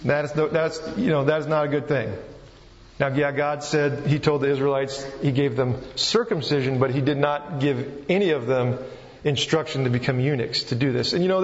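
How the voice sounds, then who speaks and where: A man preaching a sermon in a loose, conversational way, often restarting his sentences. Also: medium pitch. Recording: echoey hall, dull sound.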